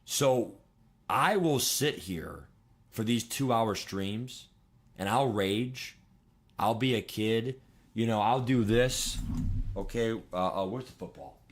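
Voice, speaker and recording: A man in his twenties chatting casually on a livestream, rambling and excitable, swearing and laughing as he talks. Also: lowish voice, slow pace. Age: 20s. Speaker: streamer.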